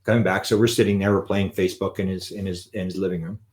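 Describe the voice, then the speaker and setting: A man with a somewhat low voice speaks to a live audience. He tells a long anecdote in an animated way and acts out the quoted lines. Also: quick pace. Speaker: lecturer on UFOs. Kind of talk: live storytelling talk.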